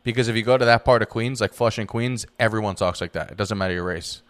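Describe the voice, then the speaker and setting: A young man co-hosting a podcast, explaining his views in relaxed casual chat. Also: lowish voice, quick pace. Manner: relaxed, explaining, often trailing off. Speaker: podcast co-host.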